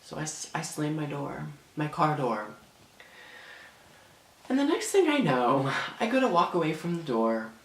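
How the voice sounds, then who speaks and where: A man's voice: a little high, wildly swooping pitch, a little slow, vocal fry, a bit bright. A teenage boy telling a dramatic storytime in a rambling way, full of fillers. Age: teens. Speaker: vlogger. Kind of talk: storytime vlog. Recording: echoey room.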